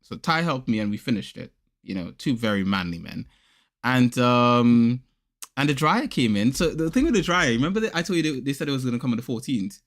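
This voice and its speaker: Animated man telling stories. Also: medium pitch, fairly quick. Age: adult father of young boys. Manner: animated storyteller, acts out voices in anecdotes. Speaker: podcast host. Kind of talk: casual chat.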